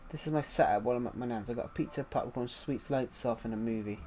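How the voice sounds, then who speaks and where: A man's voice: medium pitch, fast, a little mellow, soft background music. A British man chatting casually on a live stream while playing, rambling and repeating himself as he answers viewers' chat. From United Kingdom.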